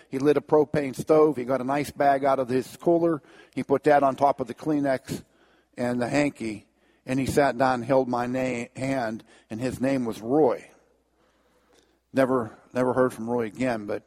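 A man's voice: medium pitch, a little mellow. Man, middle-aged, testimony to an audience, earnest storytelling, voice swells at key moments. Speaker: speaker giving a testimony.

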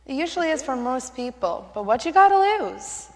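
A woman acting in a church skit as a calm believer who gives reassuring, matter-of-fact advice about prayer. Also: high voice, normal speed. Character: calm, faith-filled woman advising a friend. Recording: reverberant church hall.

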